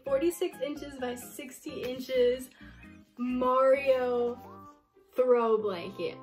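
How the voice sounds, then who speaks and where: High-voiced, gushing woman vlogger. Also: slow pace, soft background music. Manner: excitable and gushing, repeating exclamations. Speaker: unboxing vlogger. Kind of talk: casual unboxing vlog.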